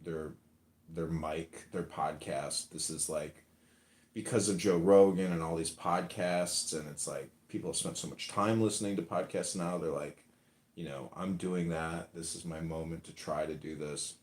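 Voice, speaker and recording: A man's voice: sits low, fairly even intonation, normal speed, darkish tone. A man hosting a casual talk show, telling stories in a rambling, profane way and acting out quotes. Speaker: podcast host. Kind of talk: casual chat, storytelling. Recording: roomy echo.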